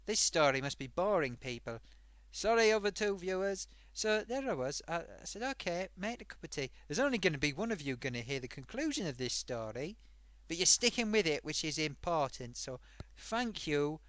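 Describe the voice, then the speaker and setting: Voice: normal speed, dry recording. A performer voicing a chatty old grandmother sock puppet who hosts a live stream and tells a rambling story. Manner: rambling, animated, wild pitch swings.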